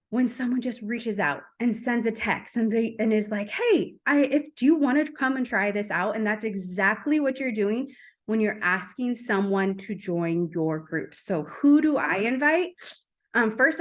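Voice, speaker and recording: A woman giving a casual coaching talk to her team, fast and chatty with lots of fillers. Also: on the high side.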